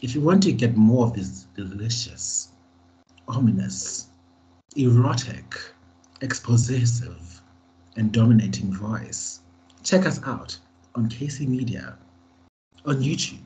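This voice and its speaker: A man putting on a seductive late-night announcer voice, slow and over the top. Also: medium pitch, animated, warm tone, low-quality recording.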